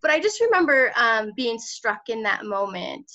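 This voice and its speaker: A woman's voice: a little high, sing-song, moderate pace, pushed and bright. A woman in her thirties, a political candidate telling her story in an interview, passionate and emotional, often laughing as she talks. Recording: slightly dull lo-fi audio.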